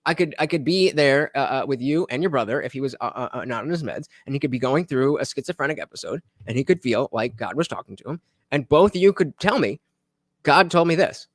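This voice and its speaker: A man hosting a live stream, talking through a debate recording in a casual, halting way with lots of fillers and restarts. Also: medium pitch, lively intonation, no room sound, clean studio sound. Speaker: streamer reviewing his own debate.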